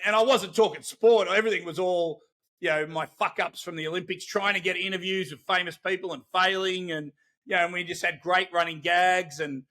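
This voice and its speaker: A middle-aged Australian man telling stories as a podcast guest, animated, loose and profane. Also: sits high. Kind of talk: casual storytelling.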